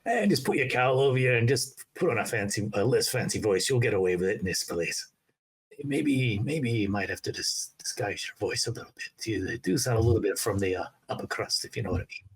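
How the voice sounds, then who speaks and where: Man playing a husky dwarf rebel. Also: fairly low pitch, expressive, a little fast, exaggerated voice. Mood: coaxing. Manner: hesitant, full of fillers, calls others lad. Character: gruff male dwarf rebel disguised as a labourer.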